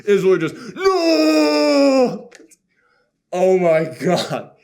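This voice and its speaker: A man hosting a casual movie reaction chat, sarcastic and laughing often as he acts out scenes in quick voices. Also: on the high side. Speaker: podcast host.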